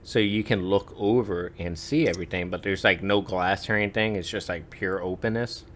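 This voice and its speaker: A man's voice: low voice, normal speed, a bit bright, slight background noise. A man in his twenties telling stories on a podcast in a casual, rambling way, full of "like" and "uh". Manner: rambling, lots of "like" and "uh" fillers. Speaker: podcast storyteller. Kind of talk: casual chat.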